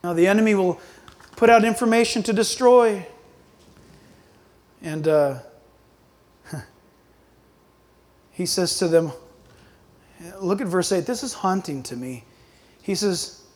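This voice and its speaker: A man preaching a sermon, swinging between loud, quick bursts and hushed, low asides. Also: expressive. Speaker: pastor.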